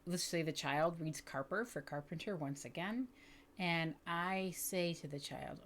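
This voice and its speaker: A woman teaching educators reading techniques, explaining patiently and slowly sounding out words with careful enunciation. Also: on the low side, expressive, a little hiss or hum. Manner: clear, deliberate enunciation of sounds. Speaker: literacy teacher. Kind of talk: instructional video for educators.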